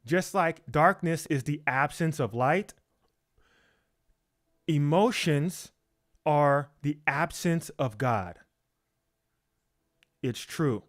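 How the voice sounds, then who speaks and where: A man delivers a sermon in a slightly high voice, taking his time over each phrase. He repeats his points with insistence, throws out rhetorical questions, and keeps checking in with his listeners. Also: lively intonation, very slow, pauses often, fairly bright tone. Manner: emphatic and repetitive, asks rhetorical questions. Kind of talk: preaching.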